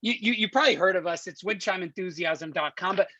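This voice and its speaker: A man tells a story about selling door to door, repeating words as he rambles and acting out the pitch. His voice is bright and forceful. The recording is dry and a little muffled. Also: fast, slightly rough, no room sound. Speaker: podcast guest, former door-to-door book seller. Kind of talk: animated anecdote with reenacted sales pitch.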